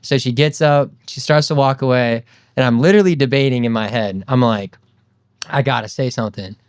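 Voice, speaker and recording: A man's voice: medium pitch, fairly quick, clean tone, dry recording, studio quality. A man, telling a story in a loose, rambling way full of fillers. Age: 20s. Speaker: podcast guest. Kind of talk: casual storytelling chat.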